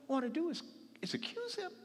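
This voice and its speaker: A man preaching a sermon as a bishop, telling the story dramatically, acting out quoted voices and dropping from loud passages to hushed ones. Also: extremely high pitch, big pitch swings, a little fast. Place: large hall used for church services. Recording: long reverb of a large hall.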